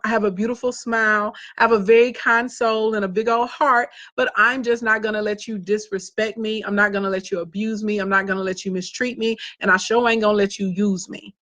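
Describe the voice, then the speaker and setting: Southern lady coach live streaming, sassy n direct, punchy bright voice. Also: medium pitch, level tone, fairly quick. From Southern United States. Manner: sassy, blunt and talkative. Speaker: business coach. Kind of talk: casual live stream chat.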